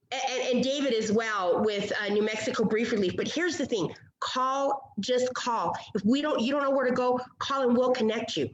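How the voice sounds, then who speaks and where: A woman's voice: fairly high pitch, roomy sound, rough recording. A woman moderating a chamber of commerce webinar panel over a video call, upbeat and encouraging, with many fillers.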